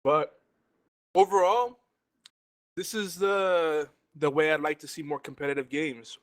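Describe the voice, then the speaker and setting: A man talking casually as a guest on a round-table gaming show while eating, his talk rambling and relaxed. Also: a little high, measured pace. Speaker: guest panelist.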